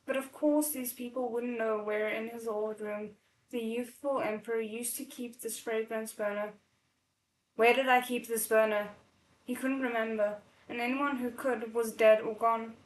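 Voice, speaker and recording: A woman's voice: on the high side, steady tone, moderate pace, roomy sound, slight background noise, low-quality recording. A woman reading a novel aloud, breaking off for emotional, tearful comments. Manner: emotional, tearful asides between passages. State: choked up from crying. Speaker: novel readalong host.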